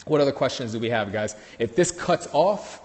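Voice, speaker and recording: A man's voice: mid-range voice, animated, moderate pace, darkish tone. New york guy, dog trainer, chatty livestream on a phone, lots of ums and restarts, echoey long reverb. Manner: loose and chatty, restarts often with many fillers. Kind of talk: casual livestream talk.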